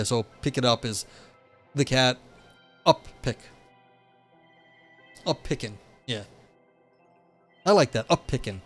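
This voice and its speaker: A man talking casually on a live stream, drifting between a philosophy paper and chatty asides. His voice sits at an ordinary middle pitch, loose and full of fillers. Faint music plays underneath. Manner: rambling, chatty, many fillers, laughs at own asides.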